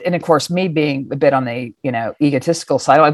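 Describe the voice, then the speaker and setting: A middle-aged woman telling a personal story in a lively, casual way, acting out the scenes and swearing freely. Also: sits low, fast talker, few pauses, no room sound, studio quality. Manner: animated, acts out voices, swears casually.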